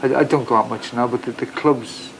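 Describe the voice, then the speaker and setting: An older man with a Liverpool accent, a retired boxer speaking in a documentary interview, halting and repeating his words as he goes. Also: medium pitch, fairly even intonation, noisy background. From Liverpool, England. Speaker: retired boxer and cafe owner.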